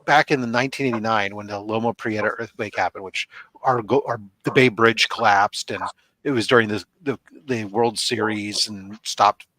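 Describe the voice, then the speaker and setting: A man's voice: on the low side, steady tone, moderate pace, fairly bright tone, no echo. A man hosting a casual online panel chat, rambling and explaining things at length with lots of asides. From California. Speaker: podcast host. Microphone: video call.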